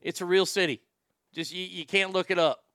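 A man hosting a comedy podcast, delivering an irreverent, rambling monologue with deadpan jokes. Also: high voice, moderate pace, clear, resonant tone, no echo, clean studio sound.

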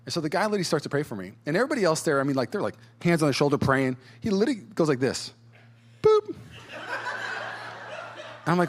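A man preaching a sermon as a pastor, telling a personal story in an animated way, acting out quotes in different voices and chuckling often. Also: on the high side, fast, long pauses, slight background noise. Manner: chuckles as he talks.

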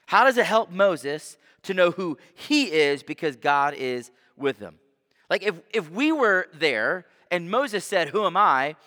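Male pastor preaching in a church, bright voice, long hall echo, goes soft then animated. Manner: earnest preaching, drops low and soft on key words, rises animated when voicing Moses. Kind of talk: sermon.

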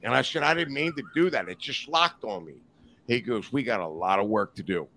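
A podcast guest with a medium-pitched voice talks a little fast while sharing a wild anecdote in the studio. He curses freely and keeps laughing, and a little hiss or hum is audible.

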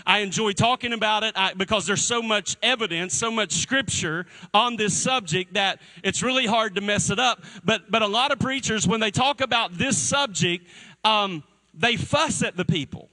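A male pastor preaching a sermon to a congregation in a church, energetic and calling for responses from the crowd. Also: sits high, normal speed, rough recording.

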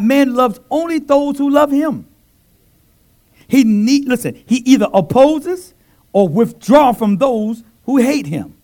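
High, lively preacher in full swing. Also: male voice. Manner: call-and-response preaching, swinging from loud exclamations to soft asides. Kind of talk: sermon. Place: church. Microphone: handheld mic.

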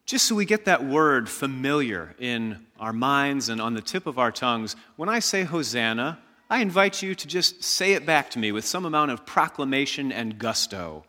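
A man preaching a sermon as pastor, slow and emphatic, leading the congregation in call-and-response shouts. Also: mid-range voice, very animated, big-room sound.

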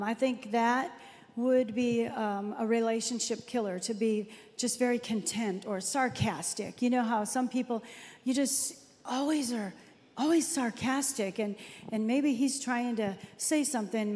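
A woman's voice: a little high, fairly even intonation, darkish tone, long reverb tail. A woman in her fifties co-hosting a faith-based talk, chatty and storytelling. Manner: chatty, storytelling, quick to laugh. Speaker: co-host.

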